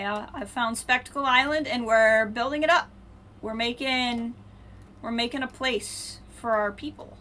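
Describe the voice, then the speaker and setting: A woman streaming a video game, thinking aloud and muttering to herself, then brightly greeting her viewers. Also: fairly high pitch, a little hiss or hum. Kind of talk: casual live-stream chat while playing.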